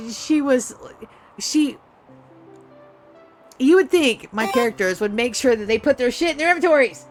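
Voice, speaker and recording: Woman streamer, higher register, loose rambling profane storyteller, light music under her. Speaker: streamer and game master. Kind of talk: casual chat while streaming a game.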